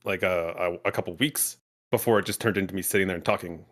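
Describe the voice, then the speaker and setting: A man's voice: low-pitched, steady tone, fast talker, a bit bright. A man appearing as a guest on a podcast, self-deprecating and laughing often. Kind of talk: casual podcast chat.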